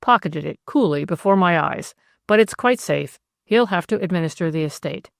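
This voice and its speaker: Woman reading as a gruff worried guy in on a plot, lowish voice, dry sound, storybook. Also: lively intonation, normal speed, dry recording. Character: anxious, irritable older man conspirator.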